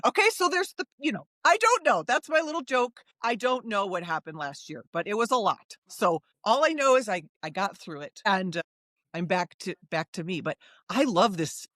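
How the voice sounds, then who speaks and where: A woman's voice: mid-range voice, lively intonation, a little fast, fairly bright tone, no room sound, studio quality. A middle-aged woman, a psychologist guest, telling her story frankly and emphatically in an interview conversation.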